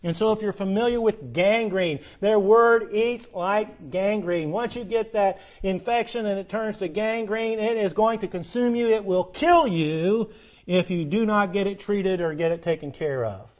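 Man, middle-aged, pastor, sermon, high voice, earnest, falling line endings. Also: moderate pace. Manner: earnest preaching, dropping low at line ends, rising for emphasis.

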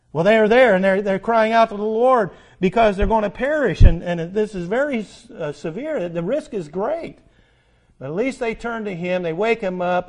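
Stretching out words for emphasis, a high-voiced man preaches a sermon that alternates between loud, urgent pleas and quiet, hushed asides.

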